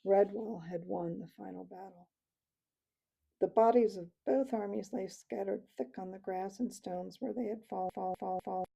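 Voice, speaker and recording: Storyteller, woman, calm steady read-aloud, very mellow voice. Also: mid-range voice, moderate pace, gravelly, breathy edge, low-quality recording. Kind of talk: reading a novel aloud.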